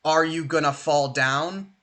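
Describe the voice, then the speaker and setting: A young man running a tabletop game, his voice bright and a touch high. He narrates the action quickly and animatedly, filling pauses with "uh" and "like". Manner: animated, fast, filler-heavy. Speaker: game master.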